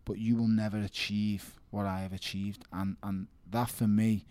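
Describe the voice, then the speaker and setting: Man, 30s, low dry voice, emphatic interview guest who repeats words. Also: level tone, moderate pace, dark tone, no echo. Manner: emphatic, repeats words, calls listener mate. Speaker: professional boxer, guest. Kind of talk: casual interview talk.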